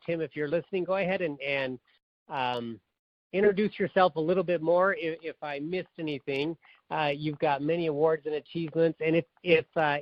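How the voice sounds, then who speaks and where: A man's voice: medium pitch, no room sound. A man hosting a conference call, introducing a guest in a friendly way with many hesitations. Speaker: host. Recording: dry, dull phone line.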